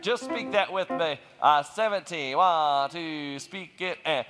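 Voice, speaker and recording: Upbeat high-voiced man directing a choir. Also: slow pace, roomy sound, in a large hall, music in the background. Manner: upbeat, encouraging, scats rhythms aloud. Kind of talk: rehearsal instruction.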